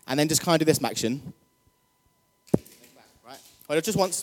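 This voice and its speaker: A man's voice: a little high, fairly quick, long pauses, a little hiss or hum. A man preaching a casual, jokey sermon, chatty and rousing the congregation. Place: church hall. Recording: long hall reverb.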